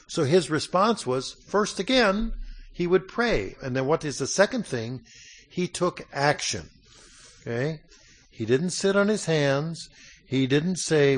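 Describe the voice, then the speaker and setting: Male preacher, casual sermon delivery, lots of ums and throat clearing, unhurried scripture reading. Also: a little high, expressive. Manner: conversational, many fillers and throat clearing; reads scripture aloud slowly.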